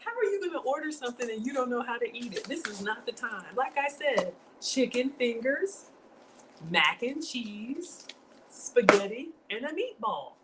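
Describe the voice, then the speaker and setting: Animated woman chatting on a cooking stream. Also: fairly high pitch, quick pace, few pauses, background noise. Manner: animated, talks straight to viewers. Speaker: home cook livestream host. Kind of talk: chatty cooking livestream storytelling.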